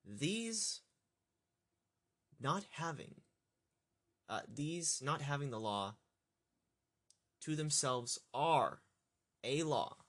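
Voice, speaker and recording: A man working through a scripture passage aloud as a teacher, thinking out loud, halting and correcting himself. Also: fairly high pitch, expressive. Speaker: Bible study teacher.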